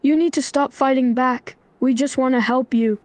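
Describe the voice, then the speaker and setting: A stern young man who scolds and orders others to calm down, voiced by a synthetic woman's voice set a little high. The delivery is flat and even. The sound is dry and close, with no room behind it. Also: normal speed, no room sound, lightly acted. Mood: scolding. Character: stern young man trying to stop a fight. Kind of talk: AI role-play chatbot voice.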